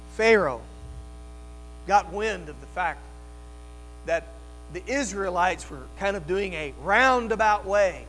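A man preaching a sermon as pastor, telling the story dramatically, dropping to a hush and rising to loud cries. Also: sits high. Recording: long hall reverb, faint music and mains hum.

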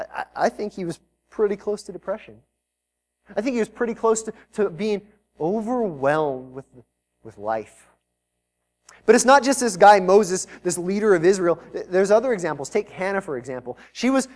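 A man preaching a live sermon as pastor to a congregation in a church, talking in a conversational way and mixing in joking asides. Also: high voice. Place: church service before a congregation.

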